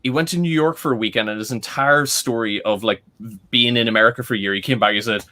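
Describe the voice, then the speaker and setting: A man's voice: medium pitch, quick pace, sharp tone. A man guest telling a rambling anecdote in casual chat, laughing often. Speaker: guest band member.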